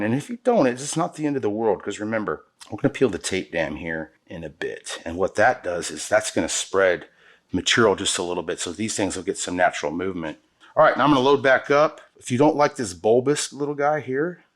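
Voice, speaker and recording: A man with a lowish, slightly bright voice hosts a show where he teaches an epoxy countertop pour. In this hands-on demonstration, he talks to viewers enthusiastically and with plenty of slang as he works.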